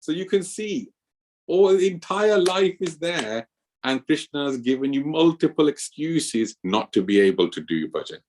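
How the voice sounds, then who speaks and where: A man's voice: a little high, moderate pace, slight background noise. A man giving an earnest scripture class at a temple, telling stories as he talks. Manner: storytelling, earnest, lively with acted quotes.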